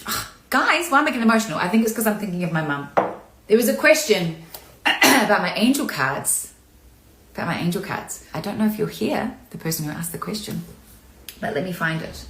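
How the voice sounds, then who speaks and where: A woman's voice: on the low side, expressive, normal speed, a little hiss or hum. A woman acting coach talking candidly and chattily in a live-streamed Q&A, sometimes showing emotion. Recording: echoey room.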